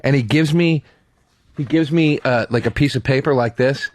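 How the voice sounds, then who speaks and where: A man telling a story in a casual podcast chat, animated and profane, acting out quotes in shifting voices. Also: mid-range voice, moderate pace, no room sound. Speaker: comedian co-host.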